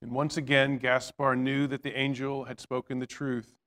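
A man narrating a storybook tale in a measured reading voice with small slips and restarts. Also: mid-range voice, level tone, fairly bright tone.

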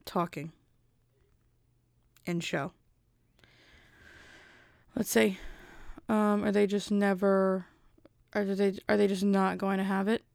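A woman's voice: medium pitch, level tone, slow pace, creaky, long pauses, darkish tone, no echo, clean studio sound. A young woman vlogger chatting casually and rambling, often interrupting herself. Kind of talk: casual rambling chat to camera.

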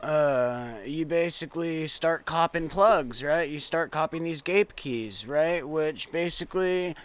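A man with a smooth, slightly high voice rambles through a casual chat. His voice sounds altered, and he hesitates over every point, filling the gaps with "uh" and a questioning "right?". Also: a little slow. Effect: altered, disguised voice. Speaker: guest glass artist. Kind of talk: casual banter on a podcast.

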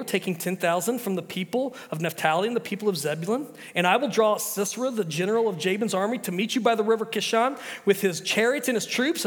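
Chatty high-voiced pastor in a reverberant church. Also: male voice. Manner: casual, chatty preaching with many restarts. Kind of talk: sermon.

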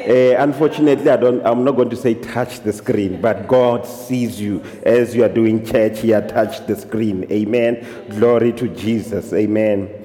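A man's voice: on the low side, steady tone, measured pace, few pauses, mellow. A man preaching a sermon as pastor, switching between English and local languages and punctuating his points with amens. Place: church hall. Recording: echoey hall.

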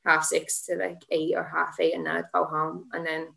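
A woman's voice: low-pitched, completely flat delivery, moderate pace, creaky, fairly bright tone. A woman in her twenties with an Irish accent, chatting in a rambling way and filling her talk with "like", as a podcast guest. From Ireland. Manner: chatty and rambling, heavy use of "like", frequent laughter. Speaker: guest, MMA fighter and student teacher. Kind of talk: casual podcast chat.

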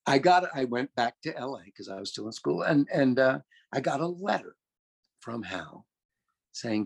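An older man from California tells a rambling story in a chatty way, often correcting himself as he goes. His voice is husky and sits at an ordinary middle pitch. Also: big pitch swings, moderate pace. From California, USA. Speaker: storyteller recounting his career. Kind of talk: anecdotal storytelling.

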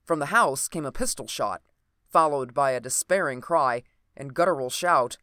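A narrator reading an old adventure novel aloud in a steady, even storytelling manner. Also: medium pitch, moderate pace, clean tone, dry recording, studio quality.

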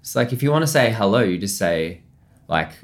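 A man's voice: lowish voice, lively intonation, brisk. A man, a chef in his thirties, telling stories in a casual interview, rambling with lots of fillers and laughing often. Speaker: chef, podcast guest.

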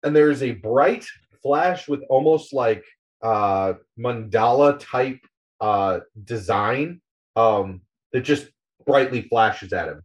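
A man's voice: mid-range voice, takes it slowly. A man casually recapping a graphic novel for a podcast, rambling with many fillers and acting out the characters' lines. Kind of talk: casual retelling with quoted voices. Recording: slightly dull, lo-fi audio.

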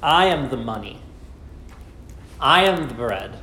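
A man preaching a sermon, asking rhetorical questions and slowing down with dramatic pauses. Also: medium pitch, animated, sharp tone, a little hiss or hum. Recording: echoey room with faint ambience.

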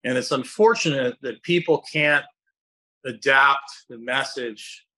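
Here a middle-aged fitness coach fills in as podcast host for some casual chat, speaking slowly at a medium pitch. Lively and bright, he acts out other people's voices as he tells stories, drifting and restarting his sentences while keeping a clear, forceful tone.

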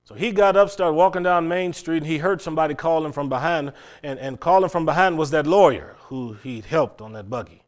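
A man's voice: fairly high pitch, a little fast. A middle-aged man preaching a sermon, telling a long moral story with frequent stammered restarts.

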